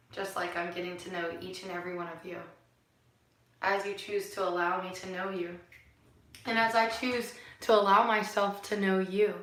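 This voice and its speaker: A woman with a sharp, bright voice rambles through a spiritual monologue, musing and preachy. She is recorded far from the mic in a room full of echo. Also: medium pitch. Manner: musing and preachy, with soft laughs and sighs. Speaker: vlogger.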